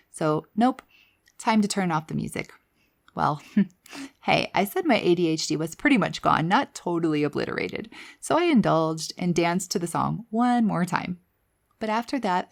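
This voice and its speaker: A woman hosting a podcast, telling her personal story in a candid, conversational way with quiet asides. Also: fairly low pitch, gravelly. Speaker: podcast host.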